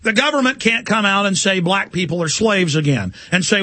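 A man's voice: sits high, expressive, brisk, few pauses, sharp tone, no room sound. A man delivering an impassioned, indignant talk radio monologue as the show's host.

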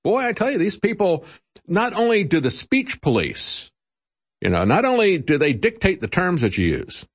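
A man's voice: on the high side, huge pitch swings, normal speed, husky. A man hosting political commentary, talking in a sarcastic, mocking way with chuckles and many "uh" fillers. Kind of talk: opinionated radio-style commentary.

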